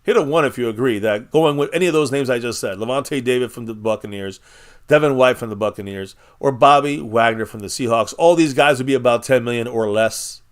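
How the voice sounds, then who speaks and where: A man's voice: medium pitch, brisk. Rambling, blunt man hosting a sports live stream. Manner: rambling, blunt, swears freely, reads chat aloud. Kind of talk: casual live-stream chat.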